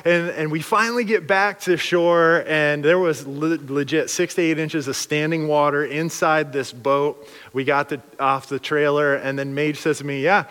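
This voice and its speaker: A man telling a lively story as a pastor in a casual, conversational sermon, jumping into voices when he quotes people. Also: normal speed. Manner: animated, conversational, acts out quotes with big jumps in pitch. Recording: long hall reverb.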